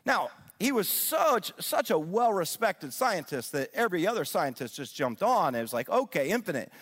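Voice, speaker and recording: Animated guy preaching, voice sits pretty high, long hall echo around him. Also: normal speed. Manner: animated, checks in with "okay?". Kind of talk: sermon-style teaching talk. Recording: long reverb of a large hall.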